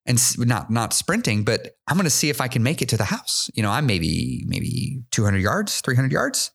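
A man hosting a podcast, telling a personal story in a candid, halting way, often repeating his words and laughing at himself. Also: medium pitch, big pitch swings, gravelly, slightly rough. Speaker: podcast host.

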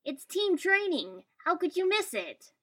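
A woman reading a story aloud, voicing a loud, excitable, melodramatic boy ninja who yells. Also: very high voice, unhurried, pitched above the performer's own voice, exaggerated voice. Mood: excited. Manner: yelling, melodramatic.

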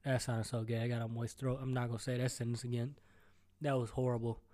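A mellow-voiced man ranting alone on his podcast from home. He rambles from one topic to the next, swears freely, and stutters and restarts often. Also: medium pitch, level tone, fast talker. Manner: rambling, profane, jumps between topics. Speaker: podcast host. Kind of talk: solo podcast rant.

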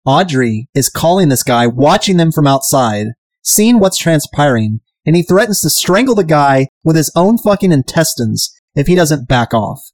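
Man, podcast host. Casual, cheeky recap voice, a touch high, dry close-miked sound, swears freely. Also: sing-song, moderate pace, few pauses, dry recording. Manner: irreverent, profane, mimics characters. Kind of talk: casual episode recap chat.

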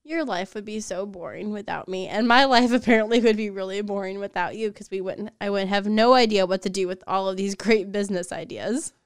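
A woman's voice: medium pitch, a little fast, few pauses, clean tone, dry recording, studio quality. A young woman co-hosting a podcast, animatedly retelling her partner's questions in casual chat. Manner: animated storyteller, quoting her partner, laughing often. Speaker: podcast co-host.

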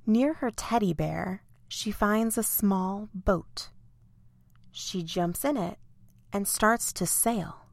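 A woman narrating a children's bedtime story in a clear, expressive way. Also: medium pitch, slow pace, no echo.

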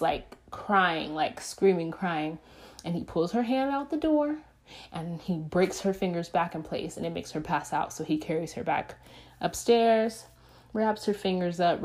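Woman, low-ish voice, casual movie recap, chatty, filler-heavy, acts out quotes. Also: darkish tone. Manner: chatty storytelling with acted-out quotes and frequent fillers. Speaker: movie reviewer.

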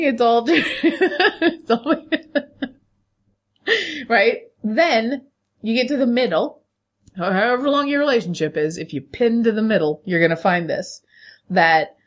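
A woman's voice: on the high side, measured pace, long pauses. Chatty woman co-hosting a podcast. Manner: chatty, animated, laughs often. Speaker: podcast co-host. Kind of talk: casual chat.

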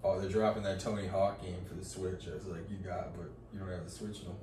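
A man's voice: sits low, flat delivery, fast, mellow. Rambling man on a roomy podcast. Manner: rambling, restarts often, swears casually. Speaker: podcast co-host. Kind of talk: casual chat. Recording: roomy, distant mic with faint noise.

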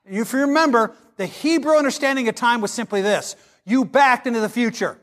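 High-voiced man preaching a sermon. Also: brisk. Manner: impassioned preaching, dramatic scripture reading. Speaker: pastor.

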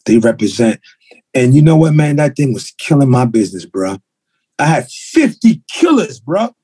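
A man, a martial arts school owner, talking bluntly and telling animated stories with street slang on a podcast. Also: on the high side, normal speed, husky, no room sound. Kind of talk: casual podcast conversation. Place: podcast recording.

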